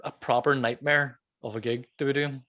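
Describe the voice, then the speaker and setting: Relaxed podcast host. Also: male voice, medium pitch, normal speed. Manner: relaxed, supportive interviewer. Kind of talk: casual interview. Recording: slightly muffled recording.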